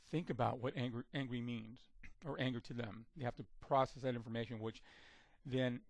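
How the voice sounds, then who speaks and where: A man teaching conflict-handling phrases in a measured instructional talk, often repeating and restarting words as he explains. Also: mid-range voice, no echo. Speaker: communication trainer.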